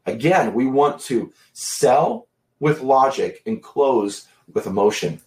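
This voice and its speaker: A man giving a sales training talk, emphatic and deliberate, pausing for effect. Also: mid-range voice, lively intonation, darkish tone. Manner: emphatic, deliberate pacing with long pauses. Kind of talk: instructional talk to camera. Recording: echoey room.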